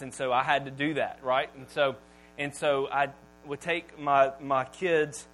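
Male pastor, sermon delivery, high bright voice, animated and emphatic, faint hum behind. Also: poor audio. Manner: animated, swings from loud emphatic lines to quiet asides.

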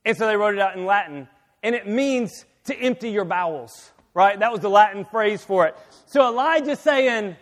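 A man preaching a sermon as pastor, swinging from quiet talk to loud, emphatic reading, often restarting and repeating his words. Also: high-pitched, lively intonation, normal speed. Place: church sanctuary. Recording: long hall reverb.

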